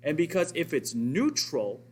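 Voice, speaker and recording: Guy teaching chemistry, pitch jumps all over, kinda high voice, walks thru each step. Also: very animated, a little slow, darkish tone, slightly rough. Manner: explanatory, step-by-step, asks and answers own questions. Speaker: science teacher. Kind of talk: recorded classroom lesson.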